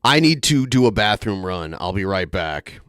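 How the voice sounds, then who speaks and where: A man's voice: deep voice, very animated, normal speed, fairly bright tone. A man hosting a podcast, giving dry, mocking remarks on clips. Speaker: podcast host. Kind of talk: casual chat.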